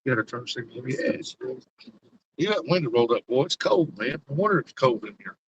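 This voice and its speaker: Folksy older man, lively voice. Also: mid-range voice, a little fast, background noise. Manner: folksy, rambling, teasing, talks to chat and passengers. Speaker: livestream host. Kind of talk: casual chat while driving. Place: inside a car on icy roads.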